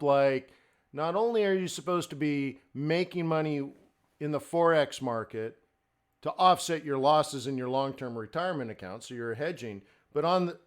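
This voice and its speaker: A middle-aged man hosting a live forex trading stream, talking in a blunt, fired-up, ranting way. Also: fairly high pitch.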